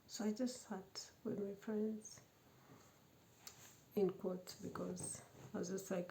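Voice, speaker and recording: Gravelly-voiced woman telling a personal testimony. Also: fairly low pitch, flat delivery, a little slow, slight background noise. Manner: repeats phrases and often drops to a hushed whisper. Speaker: storyteller sharing a personal testimony.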